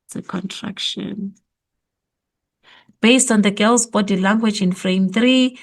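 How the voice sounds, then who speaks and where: Slow, gravelly South African woman teacher. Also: medium pitch. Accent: South African English. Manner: slow, thinking aloud, repeating answers. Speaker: teacher going over exam memo. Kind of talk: exam revision lesson.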